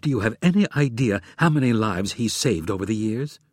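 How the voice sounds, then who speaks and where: A man's voice: on the low side, expressive, brisk, no echo. A man reading a stern, controlled woman spy chief. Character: cool commanding woman intelligence chief.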